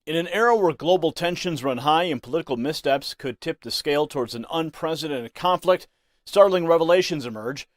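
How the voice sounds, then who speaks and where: A man's voice: fairly high pitch, brisk, no room sound. A man presenting scripted news commentary with a dramatic, emphatic delivery.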